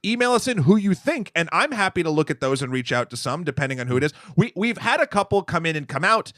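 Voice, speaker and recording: A man co-hosting a movie podcast, chatting casually and telling stories in a rambling, animated way. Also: fairly high pitch, fast, no room sound, studio quality. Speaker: podcast co-host. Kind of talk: casual chat.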